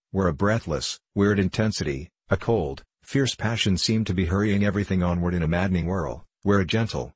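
A man giving scripted narration of a classic novel in a measured, literary storytelling manner. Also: low-pitched, breathy edge, dry recording. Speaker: audiobook narrator.

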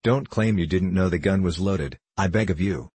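A huge, grumpy storybook rock monster, as a male narrator puts it on, talking harshly through clenched teeth. The voice is low and husky, full of reproach and polite menace. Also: moderate pace, a little mellow. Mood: reproachful.

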